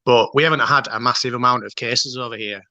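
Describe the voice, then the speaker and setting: Bright-voiced man on a video call. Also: mid-range voice, fast talker, no echo, lo-fi sound. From Leeds area, England. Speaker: guest fan. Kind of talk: casual video call chat.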